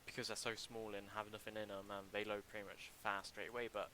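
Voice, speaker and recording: This young man, fairly low in pitch and with little pitch movement, comments casually on his livestream while putting together a game level. He speaks in a halting, chatty way full of ums and restarts into a desk mic, his tone sharp, and the rough recording has a little hiss or hum.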